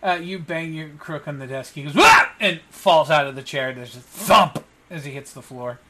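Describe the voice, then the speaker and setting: A man narrating as game master of a tabletop role-play, pausing often with ums and uhs. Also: a little high, fairly bright tone. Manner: halting, many ums and uhs.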